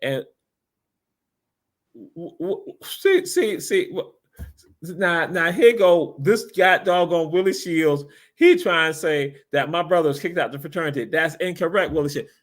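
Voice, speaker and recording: A man hosting a casual live-stream talk show, animated and preachy, repeating his words. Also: a little high, a little slow.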